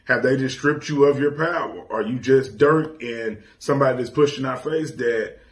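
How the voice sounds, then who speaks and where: Brief: male caller, mid-pitched, thinking aloud, rephrasing his points. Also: normal speed. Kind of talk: call-in commentary.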